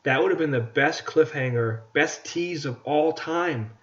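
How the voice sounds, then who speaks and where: A man's voice: on the high side, a little slow. A man co-hosting a casual podcast, ranting about movies and stumbling over repeated words. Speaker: podcast co-host. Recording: dull lo-fi podcast audio.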